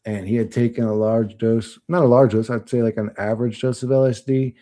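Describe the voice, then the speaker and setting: A man's voice: mid-range voice, fairly even intonation, a little fast, mellow. A man on a livestream, reading chat comments and answering them in blunt, profane, rambling talk.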